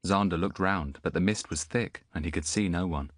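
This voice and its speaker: A man reading an audiobook as the narrator, telling the story in an expressive way. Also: low voice, moderate pace, no room sound, clean studio sound. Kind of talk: scripted narration.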